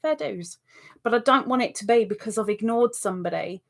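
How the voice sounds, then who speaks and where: A woman hosting a live stream in a casual, chatty way, reading out viewer comments and answering them, with excitable exclamations. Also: a little high, a little fast, vocal fry.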